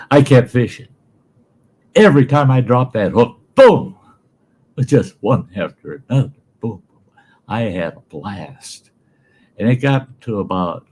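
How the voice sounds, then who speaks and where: A man's voice: fairly low pitch, gravelly, a little mellow, husky. A man host telling a folksy, salty story about his own past.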